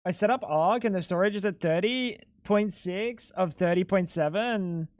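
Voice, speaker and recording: A man's voice: high-pitched, normal speed, a little hiss or hum. A young adult man streaming a game live, joking and chatting playfully with his viewers. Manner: joking, playful, talks to chat. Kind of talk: casual live-stream chat while gaming.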